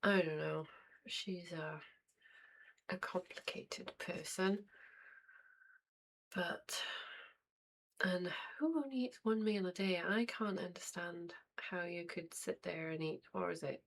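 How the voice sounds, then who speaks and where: A woman hosting a reaction video, commenting on clips in an unhurried, dry way and thinking aloud. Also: fairly low pitch, gravelly, fairly bright tone. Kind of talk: casual commentary over clips.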